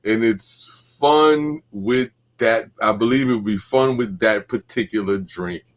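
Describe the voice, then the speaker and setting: A man who is a guest on a live game stream, talking in an easygoing, somewhat halting way. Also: lowish voice. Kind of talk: casual chat on a live stream.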